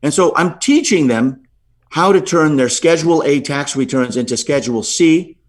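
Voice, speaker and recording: A middle-aged man, a podcast guest, telling a story with lively swings in pitch and frequent "right?" asides. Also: normal speed.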